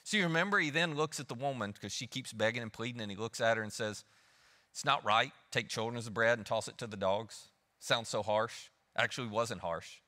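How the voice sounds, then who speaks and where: A man's voice: medium pitch, pushed and bright. A male pastor preaching a sermon in a church auditorium, talking in a conversational way and putting questions to the audience. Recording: long reverb of a church hall.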